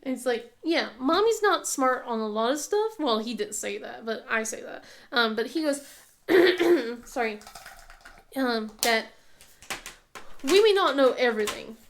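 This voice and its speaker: Woman, thirties, crafting chat vlog, somewhat high voice, rambling with fillers and laughs. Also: animated, unhurried. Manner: chatty, storytelling with many fillers and laughs. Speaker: craft vlogger. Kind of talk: casual chat while crafting.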